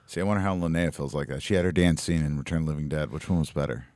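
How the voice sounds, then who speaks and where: A man's voice: very deep voice, racing, darkish tone, no echo. A man co-hosting a casual movie podcast, laid-back, chuckling and swearing casually. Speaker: podcast co-host.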